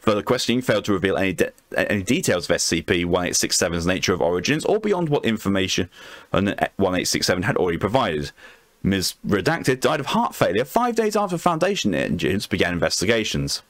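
A man's voice: sits low, sing-song, fast, dry recording, clean studio sound. A man reading documents aloud on a live stream, breaking off to swear and react.

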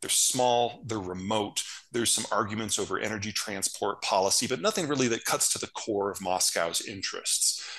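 Blunt, low-voiced man. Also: moderate pace, hardly any pauses, fairly bright tone, poor audio. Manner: blunt, matter-of-fact. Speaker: geopolitical strategist guest. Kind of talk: interview analysis.

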